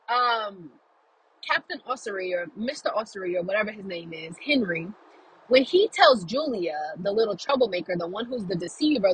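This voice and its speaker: Bright, husky chatty woman. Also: mid-range voice, rough recording. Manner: chatty and animated, with many "like"s and quoted reactions. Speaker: vlogger reviewing a film. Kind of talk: casual chatty review. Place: car while driving.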